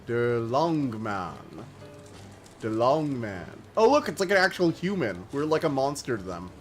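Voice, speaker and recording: A man's voice: a little high, very animated, brisk, faint music behind. An American man chatting loosely as he streams a game, rambling with lots of filler words. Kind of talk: casual let's-play commentary.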